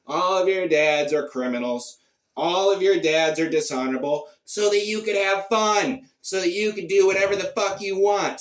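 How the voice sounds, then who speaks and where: A man performing a profane comic rant, shifting between low mutters and sudden shouts. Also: reverberant, distant mic. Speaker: comedian. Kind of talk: character comedy monologue.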